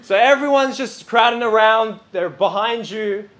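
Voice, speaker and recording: A male preacher with a fairly high voice delivers a sermon in a loose, conversational style. He rambles warmly through stories, full of filler words and restarts. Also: a little slow. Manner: lively and chatty, with many fillers.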